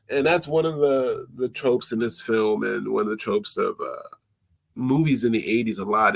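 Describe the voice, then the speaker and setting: Brief: man, mid pitch, gravelly, dry close mic, laughing movie-recap host. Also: moderate pace, dry recording. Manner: animated, laughing, acting out quotes in voices. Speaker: podcast host. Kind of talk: casual movie recap commentary.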